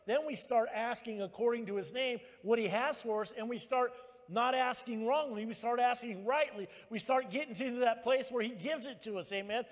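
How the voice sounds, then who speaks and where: A male pastor preaching a sermon at church, emphatic and rising to loud exhortation. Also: very high voice, moderate pace, in a large hall.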